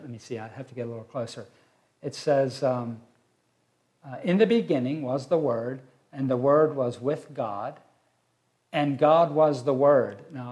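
A man teaching a Bible study, reading verses aloud and explaining them slowly with fillers. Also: medium pitch, a little mellow.

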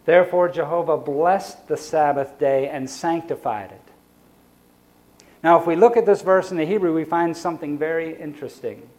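Man preaching a slow, varied Sabbath sermon. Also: on the high side. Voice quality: sighs for emphasis. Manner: varies pace and loudness, slows on key phrases, drops soft for quoted reflections.

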